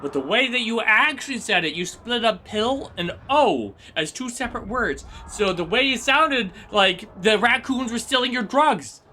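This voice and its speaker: A male streamer rambles and teases his chat while he plays, with a high voice and a bright, sharp tone. His talk is loose and animated, full of restarts and playful jabs. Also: moderate pace, few pauses, a little hiss or hum. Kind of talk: casual game-stream chat.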